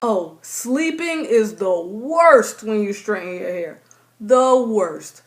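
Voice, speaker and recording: A woman's voice: mid-range voice, lively intonation, slow. A young woman, chatting casually to her camera and acting out her own thoughts in playful voices. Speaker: vlogger.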